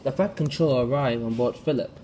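A man narrating a home-made toy-train story, halting and restarting often as he reads. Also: medium pitch, mellow, a little hiss or hum. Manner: halting, frequent restarts and stumbles. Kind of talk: amateur storytelling.

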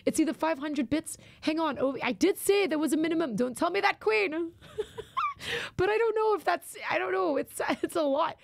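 Casting: high-voiced, gravelly woman streamer, chatty and quick to react. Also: background noise. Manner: excitable, chatty, reads viewer messages aloud. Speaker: live-streaming gamer. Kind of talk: live gameplay stream chat.

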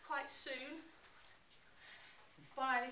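Animated woman presenting in an echoey room. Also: sits high, drawn-out words, recorded from a distance, a little hiss or hum. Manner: animated, expressive. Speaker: public speaking presenter. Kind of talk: presentation to a class. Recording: roomy echo, mic from afar.

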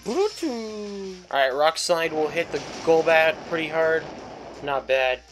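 A man's voice: fairly high pitch, fairly even intonation, measured pace, over music, low-quality recording. Chatty man commenting on his gameplay. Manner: chatty and jokey, swears freely. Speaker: let's play host.

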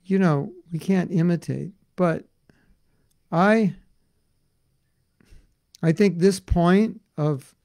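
A man teaching a devotional class in an earnest, conversational way, full of casual fillers, swinging between loud emphasis and soft asides. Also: sits high, drawn-out words, long pauses, no echo. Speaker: spiritual teacher.

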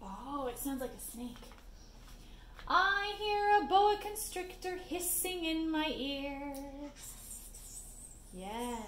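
A woman reading a picture book to children, singing its refrains in a slow, gently playful sing-song voice. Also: extremely high pitch, lively intonation. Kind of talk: sung storybook read-aloud. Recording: roomy echo, faint background hiss.

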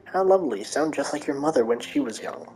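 A woman voicing a scheming old male asylum doctor who speaks in a calm, smug, condescending manner. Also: extremely low pitch, fast talker, soft background music, low-quality recording.

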